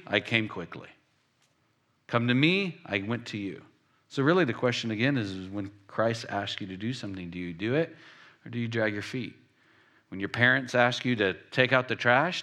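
A man's voice: medium pitch, bright, forceful tone. A man preaching a conversational sermon, asking the listeners rhetorical questions and stressing key words with emphasis.

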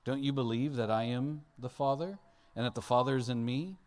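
A pastor with a somewhat mellow mid-range voice preaches at a fairly quick pace, keeping it conversational. Questions go out to the audience, and he performs Bible figures in playful voices.

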